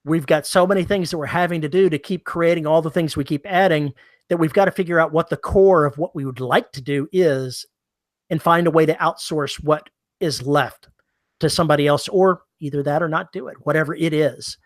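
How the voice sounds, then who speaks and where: A man's voice: fairly high pitch, fairly quick, no echo, clean studio sound. A man co-hosting a podcast, chatting casually in a wry, teasing, self-deprecating way. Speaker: podcast co-host.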